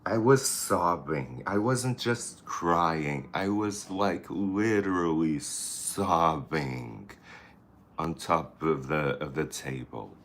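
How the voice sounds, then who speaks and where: A man's voice: a bass voice, slow pace, a bit bright, a little hiss or hum. A man vlogging a get-ready-with-me routine, chatting in a campy, playful way. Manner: chatty, campy, talks to the camera and people nearby. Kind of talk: casual get-ready-with-me chat.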